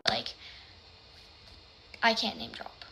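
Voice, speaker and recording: A woman telling a personal story in casual chat, rambling with lots of "like" and sometimes dropping to a hushed whisper. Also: slow pace, slight background noise. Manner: rambling, heavy use of "like".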